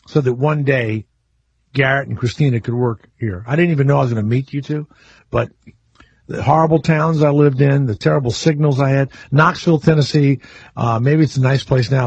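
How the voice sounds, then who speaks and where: Man, radio host, husky voice, dry studio sound, brash and profane, slightly dull broadcast audio. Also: mid-range voice, a little mellow, dry recording. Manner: brash, joking, crude and profane. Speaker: radio talk show host. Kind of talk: casual call-in radio banter.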